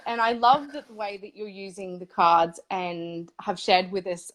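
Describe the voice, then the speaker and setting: A woman hosting a casual interview series, effusive and animated, often laughing mid-sentence. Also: mid-range voice, a little slow, few pauses.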